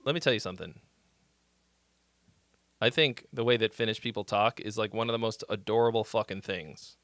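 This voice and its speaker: A man hosting a casual song-critique livestream, talking in an animated, rambling way with plenty of swearing. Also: lowish voice, brisk, no echo. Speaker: music critique livestream host.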